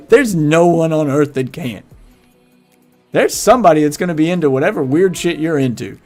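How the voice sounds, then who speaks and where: A man's voice: on the high side, expressive, normal speed, a little mellow. A man hosting his livestream, telling crude rambling stories in casual chat with faint music behind him. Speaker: livestream host.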